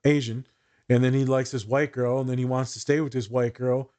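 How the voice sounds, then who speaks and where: A man who works as a therapist, chatting casually on a podcast, telling client stories with lively asides and sarcastic jokes. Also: medium pitch, a little fast. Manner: animated, storytelling, sarcastic asides. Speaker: therapist co-host.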